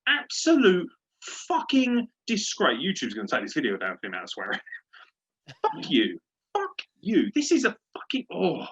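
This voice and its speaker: A man's voice: high-pitched, wildly swooping pitch, normal speed, a bit bright, slightly rough. Ranting, swearing man. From Britain. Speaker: podcast host. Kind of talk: casual sports chat. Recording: dull lo-fi podcast audio.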